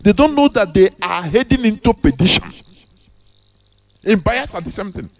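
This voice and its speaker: A man's voice: high voice, sing-song, moderate pace. A man with a Nigerian accent giving an impassioned monologue, repeating rhetorical questions with emphatic, preachy delivery. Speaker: activist speaker.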